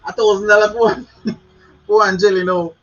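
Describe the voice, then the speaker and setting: A man's voice: high-pitched, steady tone, brisk, muffled recording. A man with a Jamaican accent giving casual advice to his viewers, chatty, laughing often and repeating words. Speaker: channel host. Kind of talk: casual advice talk to camera.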